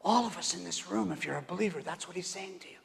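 A man preaching a sermon to his congregation in a church hall with a long reverb. His voice sits a bit high, and he swings between hushed whispers and loud, emphatic calls while asking the room questions. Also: quick pace, creaky.

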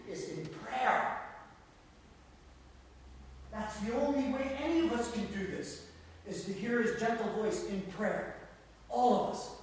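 A male preacher delivers a sermon with emphatic repetition, rising loud and falling quiet. His voice sits fairly high. He is heard from far away in a hall with long reverb and a faint ambient hiss. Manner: emphatic, repetitive, swells then drops to quiet. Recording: echoey church hall from far off.

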